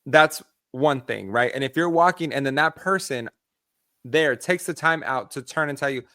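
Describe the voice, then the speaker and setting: A man co-hosting a podcast, chatting casually and telling animated stories with acted-out voices. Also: mid-range voice, normal speed, dry recording, clean studio sound. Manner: animated storyteller acting out voices. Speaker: podcast co-host. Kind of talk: casual chat.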